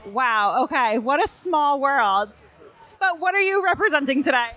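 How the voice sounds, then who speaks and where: A woman's voice: high-pitched, expressive, measured pace, pushed and bright. A woman from New Jersey interviewing guests in an upbeat, chatty way. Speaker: podcast interviewer. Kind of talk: casual interview chat.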